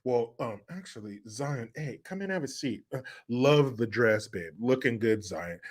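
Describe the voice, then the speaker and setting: A man voicing a scheming celebrity stepmother who talks in a coaxing, sing-song sales pitch. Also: animated, a little slow. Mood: wheedling.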